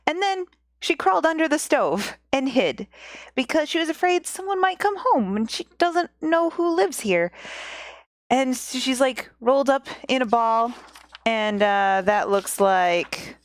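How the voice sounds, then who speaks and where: A woman's voice: high voice, lively intonation, measured pace, no room sound, studio quality. A woman hosting a podcast, casually retelling a fairy tale with playful, giggly asides. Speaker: podcast host and storyteller. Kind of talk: casual storytelling. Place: home. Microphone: podcast microphone.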